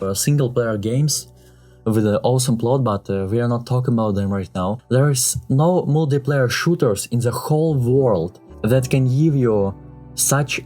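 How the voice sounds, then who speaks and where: A man's voice: mid-range voice, a little mellow. Passionate male game reviewer. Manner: passionate, opinionated, with frequent "uh" fillers and non-native phrasing. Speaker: gaming YouTuber.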